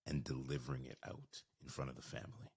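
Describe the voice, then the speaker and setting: Very deep-voiced male podcast host. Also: little pitch movement, darkish tone, husky. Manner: earnest, measured, affirming. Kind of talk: interview reflection.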